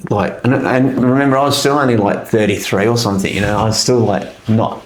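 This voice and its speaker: A middle-aged Australian army veteran, a guest telling a long story in a rambling, animated way with lots of fillers. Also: male voice, fairly low pitch, fairly quick, reverberant, low-quality recording. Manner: rambling, animated retelling, with many fillers and restarts. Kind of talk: casual storytelling interview.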